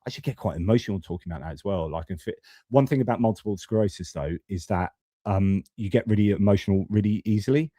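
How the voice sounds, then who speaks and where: A man's voice: fairly low pitch, fast, warm tone, no echo, studio quality. A man, hosting a live stream and giving blunt, casual commentary with swearing and frequent restarts. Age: 40s. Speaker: host of a geopolitics live stream.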